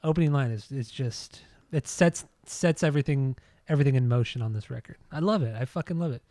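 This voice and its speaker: A man's voice: medium pitch, fast talker, dark tone, no room sound, studio quality. A man co-hosting a podcast, chatting enthusiastically in a casual way, laughing often and restarting his sentences. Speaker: podcast co-host. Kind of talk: casual music chat.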